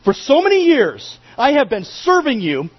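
A man's voice: extremely high pitch, huge pitch swings, normal speed, lo-fi sound, heavily acted. A man playing a resentful older brother who speaks with indignant, bitter anger.

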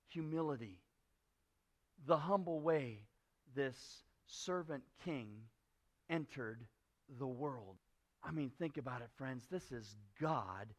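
Give me a high-voiced man preaching a sermon, chatty and earnest. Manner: conversational, drops to soft earnest emphasis. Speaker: pastor.

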